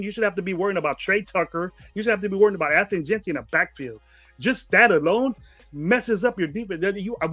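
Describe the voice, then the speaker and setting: A man's voice: high-pitched, a bit bright, dry recording, highs cut off. A man in casual sports talk, blunt and emphatic, repeating his points for effect. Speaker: podcast host.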